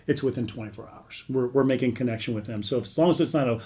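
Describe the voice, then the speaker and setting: A man's voice: mid-range voice, fast talker, hardly any pauses, dark tone. Veteran charity leader, middle-aged man, casual interview guest, earnest and rambling with repeated words.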